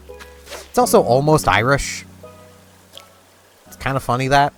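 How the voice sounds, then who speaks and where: A young man from Canada chats casually over a game, wandering from thought to thought with plenty of fillers and restarts. His pitch swings up and down in a lively way, and game music plays clearly behind him. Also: measured pace, pauses often. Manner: rambling, chatty, with frequent fillers and restarts. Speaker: gaming video host. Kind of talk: casual gameplay commentary.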